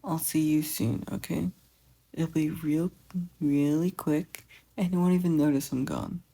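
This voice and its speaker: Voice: mid-range voice, fairly even intonation, a little slow, creaky. Wilbur, a doting big brother, read aloud. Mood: coaxing. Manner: soft, coaxing, tender teasing. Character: gentle teenage older brother, doting. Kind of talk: fan fiction audiobook reading.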